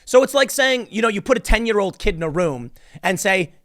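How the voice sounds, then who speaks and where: Exasperated ranting man, slightly high voice. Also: lively intonation, a little fast, a bit bright. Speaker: political commentator. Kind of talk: solo commentary video.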